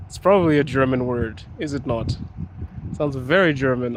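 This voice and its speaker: Unhurried and prone to long pauses, a medium-pitched male voice carries this live-streamed walking vlog. The man, from Africa, wanders outdoor city streets chatting casually, laughing a lot, and answering comments from viewers, all in a noisy street recording.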